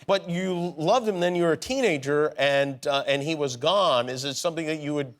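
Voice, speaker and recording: A middle-aged man hosting a late-night talk show, prompting his guest with quick questions. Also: on the high side. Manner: quick, prompting interviewer who laughs along.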